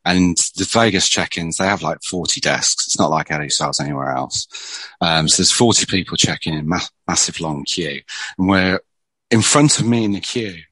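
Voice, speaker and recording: Brief: deep-voiced screenwriter, chatty storyteller, dry close sound. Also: male voice, moderate pace, sharp tone, slightly rough, dry recording, low-quality recording. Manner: chatty storyteller, many restarts. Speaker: screenwriter guest. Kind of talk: casual conversation.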